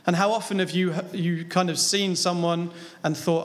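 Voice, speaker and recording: A man with a high-pitched voice, speaking at normal speed, preaches a sermon on a Bible passage. His style is conversational, full of rhetorical questions to listeners, and the sound echoes with a large hall's long reverb.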